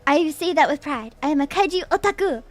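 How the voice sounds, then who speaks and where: Her voice is high and expressive, moving a little fast. The young adult VTuber chats casually and playfully on stream, reading messages from chat, laughing often, and saying her phrases again.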